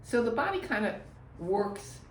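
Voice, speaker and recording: A woman's voice: a little high, big pitch swings, unhurried, slight background noise. A woman teaching a breathwork lesson, talking emphatically, repeating her cues and checking in with "right?". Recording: echoey room.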